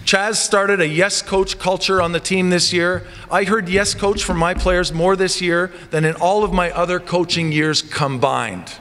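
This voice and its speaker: A male basketball coach giving a lively assembly speech in a church, telling stories and acting them out. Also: high-pitched, unhurried, few pauses. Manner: animated storytelling with comic voices. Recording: long church reverb, faint ambience.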